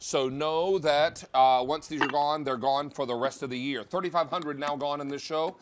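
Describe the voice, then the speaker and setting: Over a noisy background, a TV shopping host with a slightly high voice speaks steadily at normal speed. Hosting a live home-shopping show, he delivers chatty, upbeat sales patter about a kitchen appliance.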